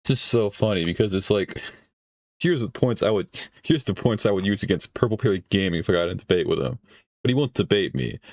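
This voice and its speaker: Low-voiced man streaming reactions. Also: lively intonation, quick pace, darkish tone, no room sound. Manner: laughing, swearing, offhand. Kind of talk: casual reaction commentary.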